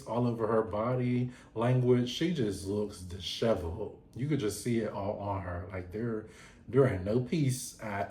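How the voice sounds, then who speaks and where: A man hosting a casual reality TV recap, talking in animated, slangy, gossipy bursts and laughing often. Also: fairly low pitch. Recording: roomy echo.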